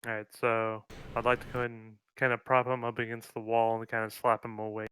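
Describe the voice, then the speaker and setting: A man's voice: mid-range voice, completely flat delivery, quick pace, a bit bright, clear, resonant tone, no room sound. A man playing a tabletop game, talking in a matter-of-fact, casual way. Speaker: player.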